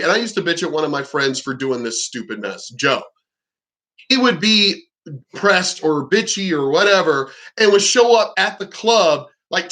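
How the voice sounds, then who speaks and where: A man's voice: high-pitched, bright, forceful tone. A man ranting in unscripted commentary, blunt, profane and exasperated, rambling with frequent restarts. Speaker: vlogger.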